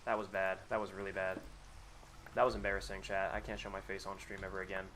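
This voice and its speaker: A man with a low-sitting, bit bright voice talks fast in a flat delivery over slight background noise. During his casual live gameplay commentary he swears often, banters and jokes with chat, self-mocks and mutters while building.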